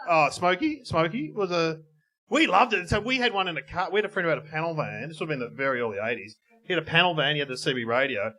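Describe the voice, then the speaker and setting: High, lively-voiced Australian man. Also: fast. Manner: joking, laughs often, rambling asides. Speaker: podcast co-host. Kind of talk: casual comedic banter. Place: live on stage in a bar.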